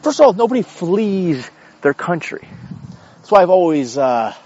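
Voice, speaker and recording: A blunt American man talks casually and swears freely, his pitch swinging widely as he rants. His voice is slightly husky and sits a bit higher than most men's. The recording sounds dull and lo-fi. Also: moderate pace. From United States. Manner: profane, blunt, lively and opinionated. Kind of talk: casual rant.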